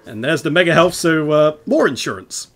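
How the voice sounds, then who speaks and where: A fairly high-voiced man talking through a video game as he plays. He rambles on, explains what he is doing, and laughs easily, in relaxed, chatty commentary. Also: moderate pace. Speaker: let's play host playing the game. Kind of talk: casual gameplay commentary.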